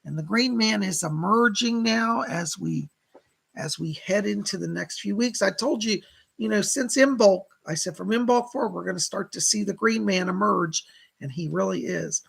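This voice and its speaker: A man's voice: high-pitched, normal speed, gravelly, fairly bright tone, slightly rough, rough recording. A middle-aged man hosting a live psychic stream, who talks in a gushing, chatty way full of exclamations. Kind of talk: casual live-stream chat.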